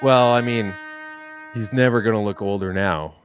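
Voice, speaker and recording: A man's voice: fairly low pitch, normal speed, over music. Rambling man telling a bar story. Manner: rambling, deadpan joking. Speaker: podcast co-host. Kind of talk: casual storytelling chat.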